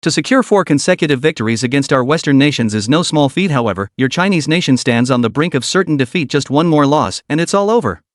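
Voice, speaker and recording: A man's voice: on the high side, expressive, quick pace, hardly any pauses, dry recording, studio quality, close to an everyday voice. A man voicing an arrogant, boastful young contender who taunts his rival.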